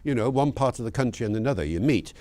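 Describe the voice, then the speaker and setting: Older man, posh British accent, lively pitch, explaining like a lecturer. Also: fast talker. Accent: posh British English. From Wales. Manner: lively lecturing, shifts into other accents to demonstrate. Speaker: linguist being interviewed. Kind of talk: explanatory interview talk.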